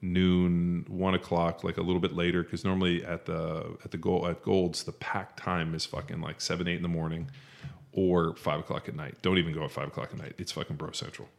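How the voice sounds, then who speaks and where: A man's voice: deep voice, level tone, fairly quick, vocal fry. A man co-hosting a podcast in casual chat, telling rambling, profane gym stories. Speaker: podcast co-host.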